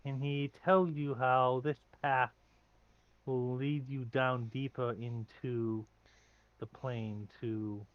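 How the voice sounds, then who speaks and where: A man narrating a tabletop game as game master, describing scenes in a halting way with fillers and restarts. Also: mid-range voice, fairly even intonation, no room sound, dull audio.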